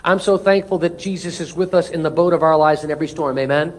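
A man's voice: on the high side, quick pace, a little hiss or hum. A male pastor preaching a sermon, leading the congregation in call-and-response and repeating key lines for emphasis.

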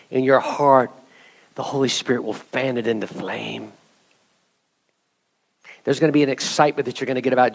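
A man's voice: medium pitch, gravelly. A male pastor preaching an earnest sermon and leading his congregation in song.

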